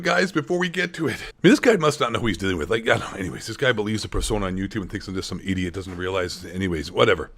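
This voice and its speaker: A man's voice: mid-range voice, expressive, quick pace, few pauses, a bit bright. Sarcastic young man ranting. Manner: sarcastic, rambling, joking asides. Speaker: gaming commentary channel host. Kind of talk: sarcastic commentary vlog.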